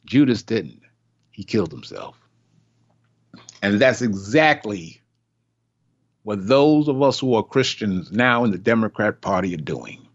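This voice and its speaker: Older man preaching an emphatic sermon. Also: mid-range voice. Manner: emphatic, repetitive, acts out quoted voices. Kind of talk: impassioned sermon. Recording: dull lo-fi recording.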